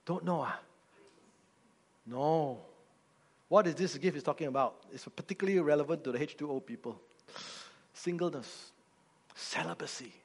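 A man preaches to his congregation in a high, light voice. He teaches with humor and keeps asking the people questions. His words ring out with a long reverb through a church hall. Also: moderate pace, pauses often. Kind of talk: sermon.

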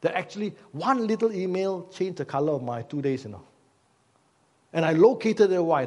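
A man's voice: high-pitched, expressive, normal speed, warm tone. A man preaching a sermon as pastor, conversational, with many fillers and repeated rhetorical questions. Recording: long hall reverb.

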